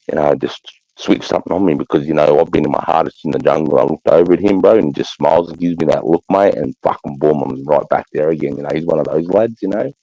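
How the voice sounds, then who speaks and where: A man tells crude, rambling stories in a casual chat and swears constantly. His voice is very low, dark and gravelly. The recording is muffled and dry. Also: no room sound. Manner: crude, swearing, rambling anecdotes with frequent laughter.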